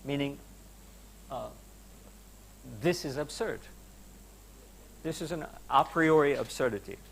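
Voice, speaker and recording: A man's voice: on the high side, slow, creaky, slight background noise. A man giving an academic lecture to students, emphatic and conversational, with rhetorical questions and some hesitation fillers. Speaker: university lecturer. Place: lecture hall.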